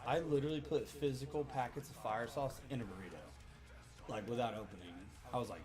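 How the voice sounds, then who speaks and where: A man in his thirties hosting a livestream, telling a story in a loose, profane, animated way. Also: mid-range voice, fast talker, music in the background. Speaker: livestream host. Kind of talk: casual storytelling to a live chat.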